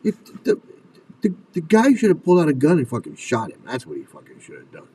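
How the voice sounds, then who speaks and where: A man's voice: on the high side, huge pitch swings, a little fast, breathy edge. Furious profane man ranting at a distance. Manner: profane, furious, shouting rhetorical questions. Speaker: commentary video host. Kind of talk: angry commentary rant.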